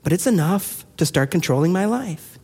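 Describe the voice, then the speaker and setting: A man preaching a sermon as a pastor, telling stories in a conversational, animated way. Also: high voice, normal speed, husky, long reverb tail. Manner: conversational, animated storytelling with rising intensity.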